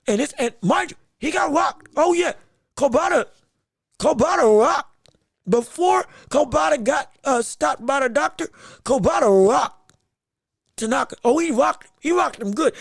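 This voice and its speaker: Gravelly, excitable male fight commentator. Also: very high voice, no room sound, clean studio sound. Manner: excitable, emphatic, repeats himself; casual slangy talk. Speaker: podcast host.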